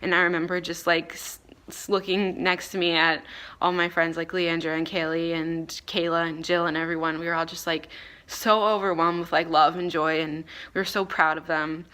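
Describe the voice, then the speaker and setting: Earnest young woman, lowish voice. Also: flat delivery, normal speed, bright, forceful tone. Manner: earnest, heavy use of "like". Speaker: fan recounting a concert day. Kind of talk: casual storytelling.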